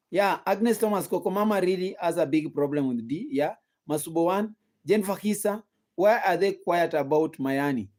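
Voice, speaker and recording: A young Kenyan man talks through gossip on a casual live stream, throwing rhetorical questions at his viewers and saying the same points twice. His voice sits a little high but sounds soft and warm. He is sleepy and yawning. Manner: rhetorical questions to the audience, repetitive. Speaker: gossip channel host.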